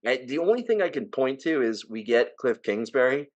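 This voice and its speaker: A man co-hosting a casual sports podcast with a New Jersey accent. His delivery is opinionated and ranting, laced with swearing, and his voice sits at an ordinary middle pitch for a man. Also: sing-song, moderate pace, dull audio. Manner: opinionated, ranting, swears, rising to exasperated outbursts. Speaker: podcast co-host.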